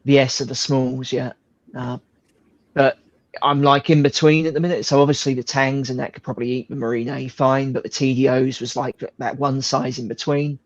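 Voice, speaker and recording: A relaxed man chatting casually, salty in his language and quick to laugh. His voice comes through a dull, lo-fi mic. The sound is dry and close, with no room around it. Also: mid-range voice, no echo. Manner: relaxed, swears, laughs easily. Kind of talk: casual chat.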